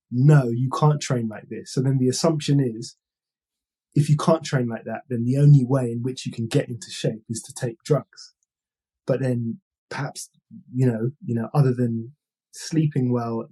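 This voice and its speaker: A man hosting a casual interview, reasoning through his point in a measured way. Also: medium pitch, warm tone, slightly rough. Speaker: host.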